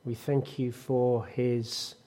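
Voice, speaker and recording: Guy leading church prayer, really slow, warm mellow voice, earnest. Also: medium pitch, level tone. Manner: earnest, unhurried praying. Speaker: prayer leader.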